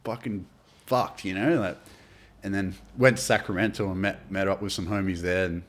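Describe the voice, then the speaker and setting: A man's voice: deep voice, fairly even intonation, moderate pace, a bit bright. An Australian man from Adelaide, a podcast guest telling a long story in a loose, rambling way, full of swearing and filler words. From Adelaide, South Australia. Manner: rambling, heavy swearing, lots of "like" and "dude". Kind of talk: casual storytelling chat.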